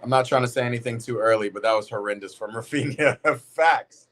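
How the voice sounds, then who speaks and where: A man's voice: medium pitch, a little fast, fairly bright tone. A man hosting a live football watch party, chatting casually in slang and reading out comments from chat.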